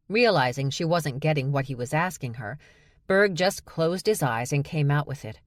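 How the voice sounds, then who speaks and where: A woman narrating an audiobook in a steady, even storytelling manner. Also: deep voice, normal speed, dry recording, studio quality. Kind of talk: scripted narration.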